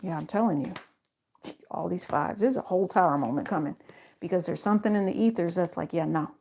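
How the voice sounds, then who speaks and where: A woman's voice: fairly low pitch, a little fast, creaky, darkish tone, slight background noise. A woman giving a casual tarot reading straight to her viewers in a chatty, slangy way. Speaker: tarot reader.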